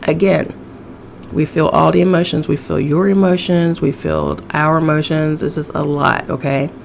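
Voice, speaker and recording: Sassy gravelly-voiced woman podcaster. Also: sits low, expressive, moderate pace, a little hiss or hum. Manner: sassy, profane, laughing often. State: chesty cough. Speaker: podcast host. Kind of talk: casual solo podcast vent.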